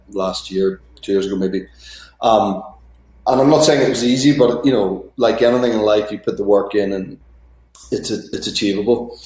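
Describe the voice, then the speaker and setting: A man in his thirties, an actor guest in a casual remote interview, talking in a relaxed, rambling way with lots of fillers. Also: fairly low pitch, roomy sound, low-quality recording.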